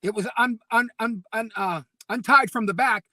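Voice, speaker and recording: A man is co-hosting a relaxed talk show and telling stories with plenty of energy. His voice is bright and forceful, and he laughs often as he goes. The sound is dry and close to the mic. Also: high voice, normal speed, no echo. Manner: animated storyteller, laughs often. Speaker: co-host and DJ. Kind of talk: casual chat.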